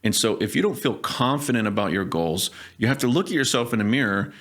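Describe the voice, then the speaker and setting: A man's voice: medium pitch, a little fast. A man giving sales advice in casual conversation, emphatic and punctuating points with "okay?". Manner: acts out sales calls in lively put-on voices. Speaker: sales coach guest.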